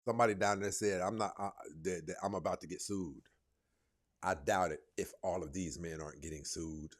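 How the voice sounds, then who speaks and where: A man's voice: low voice, fairly even intonation, brisk. A man hosting a reaction commentary, mocking and laughing as he riffs. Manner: mocking, laughing, jokey asides. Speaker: commentary host.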